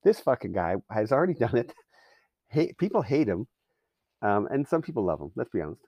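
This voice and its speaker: A man's voice: medium pitch, very animated, brisk, breathy edge, dry recording, muffled recording. Sarcastic, swearing Canadian man ranting. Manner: sarcastic, swears a lot, rambling. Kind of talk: profane ranting monologue.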